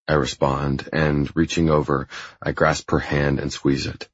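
A man narrating a first-person audiobook in a low, intimate, even reading style. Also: a little slow, breathy edge, no room sound, dull audio.

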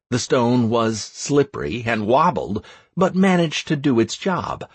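Male audiobook narrator, husky, lively pitch, dry close studio sound. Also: dry recording. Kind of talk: first-person fantasy game audiobook narration.

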